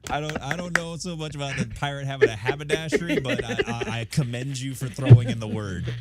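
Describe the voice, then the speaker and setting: Brief: steady man, radio co-host, mid-range voice, earnest delivery. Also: medium pitch, fast talker, a loud crowd. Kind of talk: casual radio banter.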